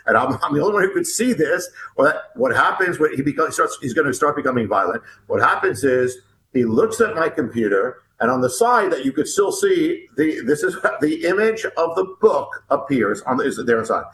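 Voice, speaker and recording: A man who is an author and guest, telling a story about himself in an animated, halting way, with many restarts and repeated words. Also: on the high side, slight background noise. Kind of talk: animated first-person storytelling. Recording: echoey room.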